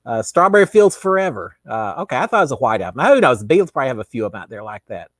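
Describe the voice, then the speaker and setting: A man's voice: medium pitch, big pitch swings, rapid-fire, dry recording, clean studio sound. A middle-aged man with a Texan accent, hosting a casual live chat and answering viewer questions in a rambling way. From Texas. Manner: rambling, many restarts and fillers. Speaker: host.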